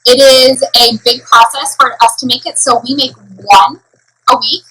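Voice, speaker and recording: A woman in her thirties chatting on a casual live stream about her bakery, rambling with lots of fillers and quick laughs. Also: high voice, steady tone, sharp tone, slight background noise, poor audio.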